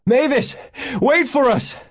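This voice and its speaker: A man's voice: on the low side, measured pace, a little mellow, slightly rough, dry recording, clean studio sound. A man voicing a determined young husband who speaks with urgency. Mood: urgent.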